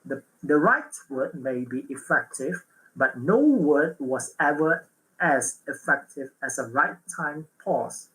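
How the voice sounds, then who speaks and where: A man presenting a public speaking workshop, pausing on fillers, correcting himself and checking in with "right?". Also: a little high, animated, sharp tone, low-quality recording. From Malaysia.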